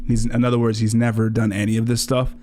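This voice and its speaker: A man's voice: mid-range voice, completely flat delivery, quick pace, a little mellow, slight background noise. A man hosting a livestream, reacting to clips in a rambling, casual way, often correcting himself and swearing. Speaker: livestream host.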